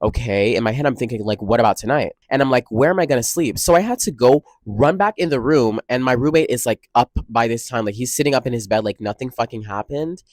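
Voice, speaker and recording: A young man in college telling a dramatic storytime vlog, expressive and full of slang and swearing. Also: medium pitch, quick pace, few pauses, dry recording. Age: young adult. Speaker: college student vlogger.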